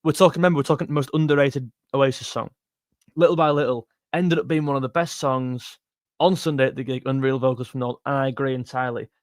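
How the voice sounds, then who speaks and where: A man's voice: medium pitch, steady tone, fast, no room sound, studio quality. A young man hosting a livestream, reading viewer comments in a chatty, jokey way and calling people mate. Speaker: music channel host reading live chat. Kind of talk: casual livestream chat.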